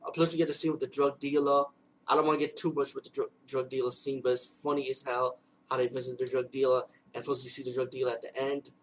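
A man giving a casual unboxing and review vlog, excitable and rambling, swearing freely. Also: mid-range voice, quick pace, a little hiss or hum, rough recording. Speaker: movie reviewer.

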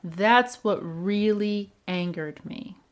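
A self-help speaker with a mid-range voice talks slowly through a reflective, motivational session. She coaches calmly, putting question after question to the listener.

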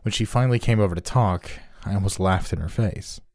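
Deep, mellow-voiced man narrating horror. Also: a little fast, no echo, clean studio sound. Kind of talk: scripted horror story narration.

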